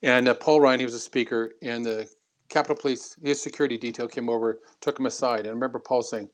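A man, a former congressman, telling stories in an interview with an animated, anecdotal manner and frequent restarts. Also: medium pitch, quick pace. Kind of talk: interview storytelling.

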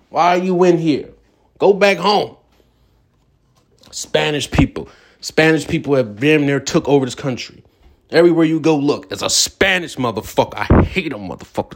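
A man's voice: medium pitch, expressive, normal speed, slightly rough. A man hosting a ranting vlog segment, talking in a profane, drawling way while smoking. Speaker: vlog host.

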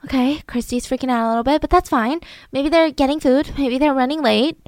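A young woman tells a crime story in a casual, animated way and slips into the voices of the people involved. Her voice sits a little high. The sound is close and dry. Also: brisk, dry recording. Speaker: podcast host.

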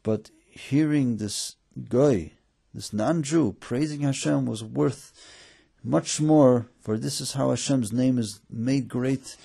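A man's voice: medium pitch, slow, gravelly, mellow, slightly rough, heavily acted. A man voicing a principled older rabbi in a story, speaking firmly and emphatically. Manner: firm and emphatic. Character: wise, firm older male rabbi, principled.

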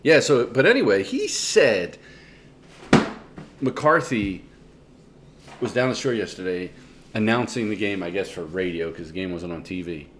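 A man's voice: deep voice, animated, measured pace, pauses often, background noise. A man in casual chat, laid-back and casually profane.

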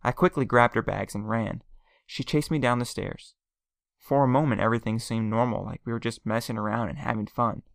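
Gravelly-voiced man reading a story. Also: medium pitch, steady tone, fairly quick, no echo, clean studio sound. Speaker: narrator. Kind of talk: first-person story reading.

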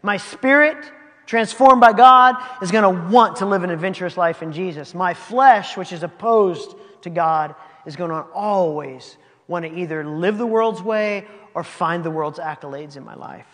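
A man's voice: high voice, moderate pace. A man preaching a sermon, reading scripture aloud and commenting on it in a conversational way with laughing asides. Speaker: pastor. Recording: long hall reverb.

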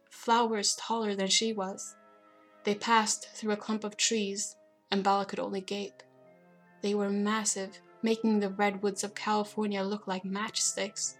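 A woman narrating a novel aloud in a steady, even way. Her pitch barely moves and stays level from line to line. Quiet music plays faintly behind her reading. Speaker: audiobook narrator. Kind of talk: storybook narration.

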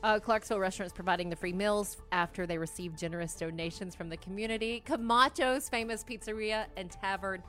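A woman's voice: medium pitch, a little fast, hardly any pauses, a bit bright, faint music behind. A woman on a morning show reading local news items between casual banter.

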